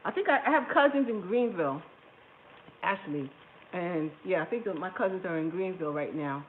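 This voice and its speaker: This cooking channel host has a lowish, animated voice and talks a little fast. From her kitchen, she hosts a casual home cooking livestream, laughing often and chatting with viewers. The recording has a tinny, phone-like sound and faint background noise.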